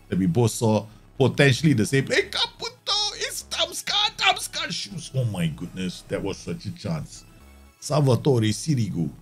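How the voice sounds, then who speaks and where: A man streaming a football management game, chatting casually and joking, swearing now and then, and breaking into loud mock match commentary. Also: fairly low pitch, breathy edge. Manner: excitable, jokey, swears, bursts into mock match-commentator shouts.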